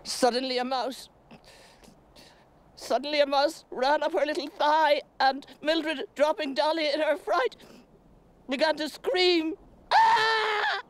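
An actress playing a stoic middle-aged woman, giving a slow, halting stage monologue with long pauses. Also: deep voice. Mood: storytelling.

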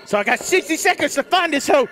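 A man's voice: extremely high pitch, animated, quick pace, noisy background. A man commentating a horror game, panicky and joking, yelping and screaming when scared. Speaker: let's play gamer.

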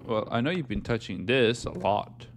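A man giving jokey let's-play commentary on a horror game, talking to himself and breaking into panicked yelling. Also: mid-range voice, lively intonation, moderate pace, slight background noise. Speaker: gaming YouTuber.

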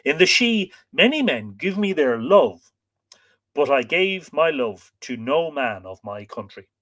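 A man voicing a frightened fairy woman, gentle and pleading, in a softer, lighter voice than his narration. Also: a little high, sing-song, a little slow, exaggerated voice. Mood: wistful. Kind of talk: dramatic storytelling reading.

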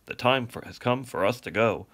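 A man's voice: mid-range voice, normal speed, fairly bright tone, close to an everyday voice. A man voicing a long-winded, pompous father swan in a storybook reading, delivering grand lecturing speeches. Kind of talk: storybook read-aloud.

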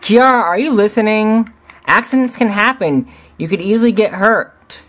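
A man's voice: high voice, normal speed, a bit bright, faint music behind, voice pushed up. A man voicing a protective male lion king, earnest and fatherly, in a storybook reading.

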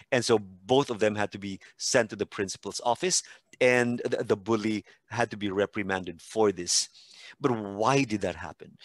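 A man's voice: lowish voice, no echo. A man telling classroom stories, dry close sound. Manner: animated storytelling with acted-out quotes. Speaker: podcast guest expert and teacher. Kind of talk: casual podcast conversation.

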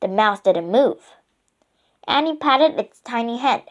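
Woman narrator for a children's storybook, slow and unhurried, expressive. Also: on the high side, highs cut off.

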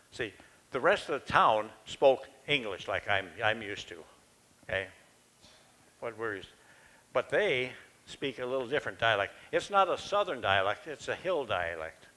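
Bright-voiced older man preaching folksy sermon. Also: medium pitch, low-quality recording. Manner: folksy, conversational, self-deprecating. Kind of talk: storytelling sermon. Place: church.

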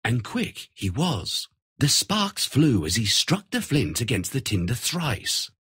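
A man reads a children's fairy tale aloud with a very animated, swooping delivery. His voice is husky and recorded dry and close. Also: medium pitch, takes it slowly, no echo. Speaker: narrator. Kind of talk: scripted storybook narration.

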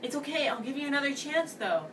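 A man's voice: extremely high pitch, animated, quick pace, a bit bright, recorded from a distance, slight background noise, voice pushed up, poor audio. A young man mimicking a fickle teenage girl. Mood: offhand.

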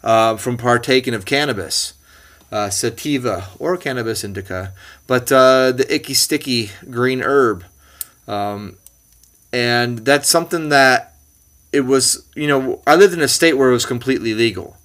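A man's voice: mid-range voice, moderate pace, a bit bright. A man in his forties from the Bay Area, hosting a podcast in a rambling, casual way with many fillers and restarts. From California Bay Area. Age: 40s. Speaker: podcast host. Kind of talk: casual conversation.

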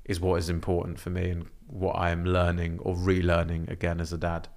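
A young man with a very low voice chats as a podcast guest. He talks in a relaxed, reflective manner, his phrasing loose and wandering. His pitch sits deep below most men. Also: fairly quick. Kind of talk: casual conversation.

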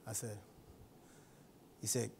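A male pastor preaching at a church service, swinging from loud exhortation to softer speech and calling out to the congregation for a response. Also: slow pace, slight background noise. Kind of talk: sermon.

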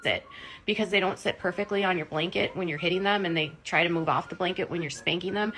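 A woman's voice: fairly low pitch, quick pace, a bit bright, rough recording. An emotional woman hosting a livestream, talking in an impassioned, indignant, rambling way with fillers. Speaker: livestream host.

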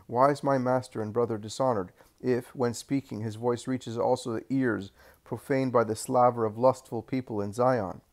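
An earnest disciple who reproaches with pointed questions, as a male reader puts him on. He speaks in a middle-pitched male voice in a read-aloud story. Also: fairly even intonation, normal speed, close to an everyday voice. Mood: reproachful.

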